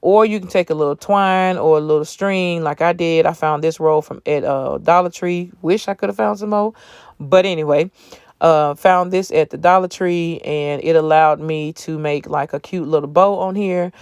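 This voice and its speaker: A man with a fairly high, smooth voice talks through a craft tutorial, sleepy and yawning as he goes. His delivery is chatty and folksy, and he keeps calling the viewers y'all. The phone voiceover sounds dry and close. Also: fairly even intonation, moderate pace, dry recording. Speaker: craft channel host.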